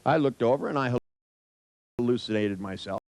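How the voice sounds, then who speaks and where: A man's voice: mid-range voice, moderate pace, darkish tone, dry recording, rough recording. An older man telling a rambling personal anecdote in a wry, profane way, with many restarts and asides.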